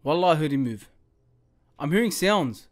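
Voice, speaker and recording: A man's voice: fairly high pitch, animated, normal speed. Jumpy man swearing through a horror game. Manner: jumpy, swears a lot, panicky outbursts. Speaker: gaming channel host. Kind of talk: horror game let's play commentary.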